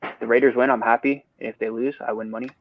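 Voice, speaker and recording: A man's voice: medium pitch, flat delivery, fast talker, no echo, phone-quality sound. A man giving sports betting picks on a podcast, ranting and swearing, then apologizing for it. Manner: ranting, profane, apologetic asides. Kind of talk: casual sports betting talk. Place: a different place than usual.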